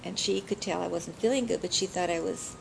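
An older woman with a lowish, gravelly voice recounts family memories for an interviewer. She talks in a chatty way and laughs often as she remembers. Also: brisk, slight background noise, rough recording. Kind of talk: oral history storytelling.

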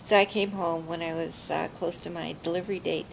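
An older woman with a lowish, gravelly voice recounts family memories for an interviewer. She talks in a chatty way and laughs often as she remembers. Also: steady tone, brisk, a little hiss or hum, low-quality recording. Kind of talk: oral history storytelling.

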